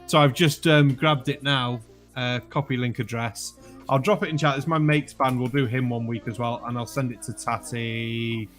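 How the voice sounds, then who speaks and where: A man's voice: medium pitch, fairly even intonation, normal speed, a bit bright, faint music behind. A man with a Welsh accent from Wales, hosting a casual poker stream and chatting, cursing freely and laughing at bad jokes. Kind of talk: casual chat.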